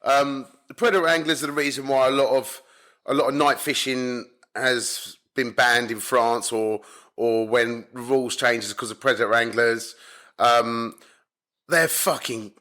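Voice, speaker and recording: A bright, forceful male voice at a middling pitch, talking in a loose, casual way. He's a carp angler from the UK, a guest on a podcast, and he tells his stories bluntly and with a lot of energy, with plenty of swearing thrown in. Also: fairly even intonation, measured pace. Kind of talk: casual storytelling chat. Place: home in Spain.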